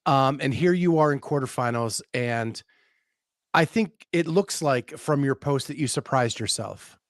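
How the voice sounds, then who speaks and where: A man hosting a casual interview, asking relaxed, conversational questions. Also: medium pitch, a little slow, dry recording, clean studio sound. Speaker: podcast host, interviewer.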